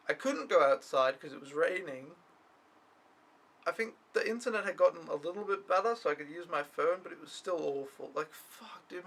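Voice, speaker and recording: A man's voice: a little high, bright, forceful tone, poor audio. A young man talking to camera in a rambling, complaining vlog recap, swearing often. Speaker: au pair vlogger. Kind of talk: casual weekly recap vlog.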